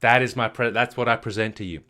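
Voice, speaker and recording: A man's voice: mid-range voice, fairly even intonation, fast, sharp tone. A man giving a motivational talk as a marriage coach, emphatic and repetitive, firing questions at the listener.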